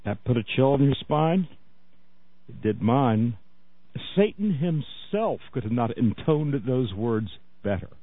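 A man's voice: mid-range voice, animated, measured pace, background noise. A man hosting a radio talk show, chatty and mocking, often laughing as he tells a story. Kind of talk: casual radio commentary. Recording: tinny phone-like radio audio.

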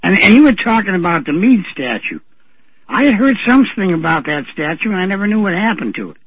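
A man's voice: sits high, big pitch swings, fast, breathy edge, no room sound. A man chatting on a radio show who tells rambling stories with chuckles. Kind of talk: casual radio talk. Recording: dry, dull lo-fi radio sound.

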